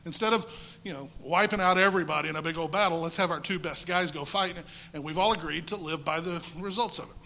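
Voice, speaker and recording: A man preaching a sermon, telling the story with lively energy and rhetorical questions. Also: fairly high pitch, fast, poor audio.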